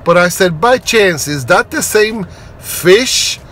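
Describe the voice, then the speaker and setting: In a casual vlog, a man reviews restaurant food at a slow pace. He's excitable and playful, making puns and breaking into high exclamations.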